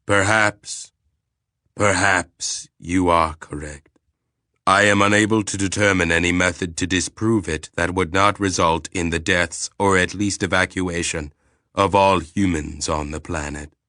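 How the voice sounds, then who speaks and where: An ancient alien intelligence speaks slowly and clinically, weighing every word in a deep, bright-edged voice, as a male narrator puts it on. It sounds detached and literal-minded. The reading is dry and close. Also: fairly even intonation, no room sound. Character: ancient calm alien planetary mind, sexless.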